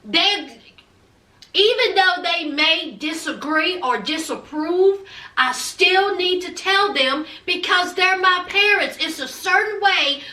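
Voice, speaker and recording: A woman voicing a man, a dutiful son who calmly insists on doing things the proper family way, speaking deep and slow. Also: full character voice. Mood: insistent. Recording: echoey room, distant mic.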